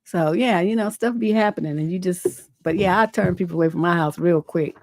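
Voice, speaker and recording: A middle-aged woman with a lowish voice chats casually on her advice livestream, blunt and cussing freely. She rambles with lots of fillers as she tells stories and reads viewer letters. The sound is close and dry, with no room echo. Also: fairly quick, a little mellow. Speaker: relationship coach and livestream host.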